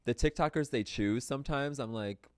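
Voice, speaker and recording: A young man co-hosting a casual pop-culture podcast chat, relaxed and agreeable, with plenty of filler words. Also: mid-range voice, normal speed, smooth, no room sound, clean studio sound. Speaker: podcast co-host.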